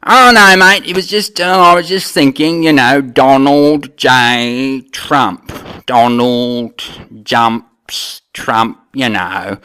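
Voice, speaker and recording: A man's voice: medium pitch, steady tone, slow pace, bright, forceful tone, clear, resonant tone. A man playing a laid-back, blunt Australian bloke in a broad Australian accent who says "mate" constantly.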